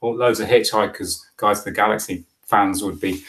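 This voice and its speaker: A man co-hosting a podcast, chatting casually and telling a story with animated asides. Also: on the low side, normal speed, very noisy. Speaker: podcast co-host. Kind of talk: casual chat.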